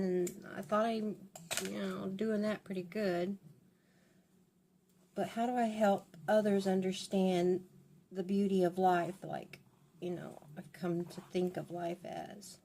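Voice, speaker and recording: A woman's voice: lowish voice, steady tone, unhurried, mellow, a little hiss or hum. An older woman and grandmother chatting in a rambling, confiding way while she does her hair for her vlog. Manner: rambling and confiding, with many restarts. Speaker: beauty vlogger. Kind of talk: casual chat while doing her hair.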